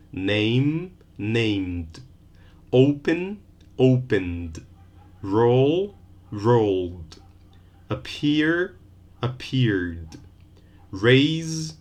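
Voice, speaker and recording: A man giving a recorded university phonetics lesson, Portuguese his first language, repeating sounds and examples deliberately. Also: medium pitch. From Brazil. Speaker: university lecturer.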